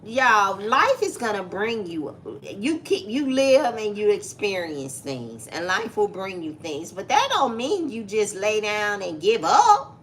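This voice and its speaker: A woman's voice: medium pitch, big pitch swings, unhurried, slight background noise. A woman with a Southern US accent, co-hosting a casual chat show and giving emphatic, preachy advice to viewers. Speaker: co-host.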